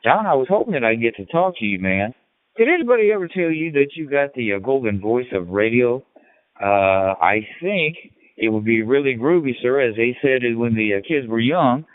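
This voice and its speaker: A man's voice: medium pitch, big pitch swings, moderate pace, no echo. A man in his sixties from Illinois with a slight Southern twang, chatting in a rambling, folksy way on a ham radio net. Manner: rambling, folksy storyteller with many fillers. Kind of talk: casual radio chat. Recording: tinny radio transmission.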